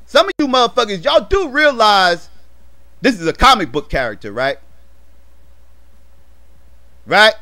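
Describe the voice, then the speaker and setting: A man giving a heated, profane rant in a movie review vlog, repeating himself emphatically and building to shouts. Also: sits high, sing-song, normal speed.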